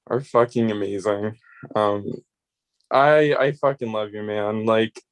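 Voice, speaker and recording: A man giving a rambling, heartfelt farewell speech on voice chat as an eliminated player. He swears freely and grows emotional. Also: medium pitch.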